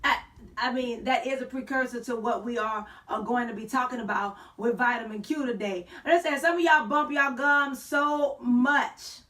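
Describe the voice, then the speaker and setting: A woman's voice: a little high, normal speed, far from the mic. A woman hosting an online talk show, telling a story with playful slang and a sassy, joking manner. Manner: sassy, playful slang, sings and shouts for effect.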